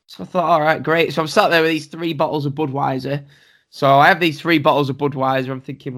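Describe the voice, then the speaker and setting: An animated young man tells a story in a casual chat, his voice sitting a touch high. He acts out what people said and laughs often as he goes. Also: fairly quick. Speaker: podcast host.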